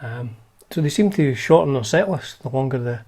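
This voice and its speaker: A man's voice: mid-range voice, expressive, moderate pace, darkish tone, husky. A man hosting a guitar channel, chatting casually and wryly through old magazines, with lots of fillers and restarts.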